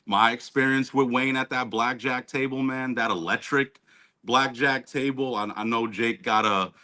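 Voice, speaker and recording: Forceful, bright-voiced male guest on a call, slangy storyteller. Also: medium pitch, moderate pace. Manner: animated, street slang, many fillers. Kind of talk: casual storytelling.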